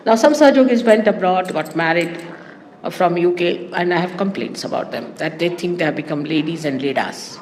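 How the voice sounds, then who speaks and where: A woman giving a spiritual talk to her followers in an animated, teasing way, often laughing. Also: fairly low pitch, fairly quick, big-room sound, a little hiss or hum. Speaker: spiritual teacher.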